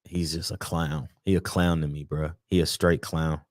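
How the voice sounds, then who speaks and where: A man hosting a casual sports talk livestream, speaking in a frustrated, emphatic and animated way. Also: very deep voice, moderate pace, no room sound, studio quality. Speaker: sports talk show host.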